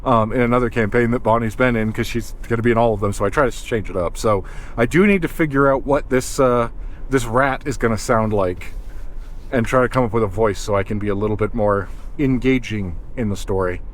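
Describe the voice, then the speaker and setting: Brief man in a casual vlog, rambling and self-interrupting, mid-pitched everyday voice, outdoors on a cold morning. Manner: chatty, self-interrupting, thinks aloud. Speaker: wildlife cameraman vlogger. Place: in a car, then outdoors in a cold parking lot.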